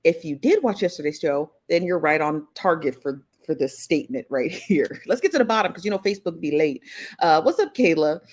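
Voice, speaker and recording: A woman hosting a live stream in a relaxed, chatty way, greeting viewers and laughing easily. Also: low voice, brisk. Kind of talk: casual live stream chat.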